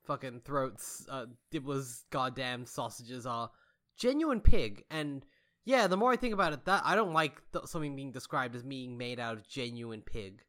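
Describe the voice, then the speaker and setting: A podcast co-host in casual book chat, playful and excitable, pitching odd ideas with enthusiasm. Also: normal speed.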